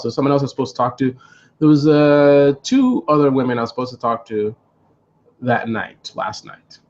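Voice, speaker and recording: Man, mid-pitched, meandering storytime delivery full of ums and restarts, slightly dull lo-fi sound. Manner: rambling, hesitant, many fillers and restarts. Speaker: vlogger on a live stream. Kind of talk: storytime monologue.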